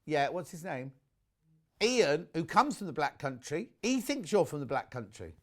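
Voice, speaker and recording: A man's voice: on the high side, sing-song, normal speed. Chatty man selling on TV. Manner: chatty, gushing over products, reads viewer messages aloud. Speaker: shopping channel presenter. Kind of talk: live TV sales chat. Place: TV studio.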